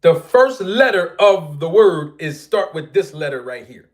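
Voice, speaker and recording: A man hosting casual boxing commentary for his viewers, teasing and playful, telling stories with sudden loud and soft swings. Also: fairly high pitch, lively intonation, unhurried.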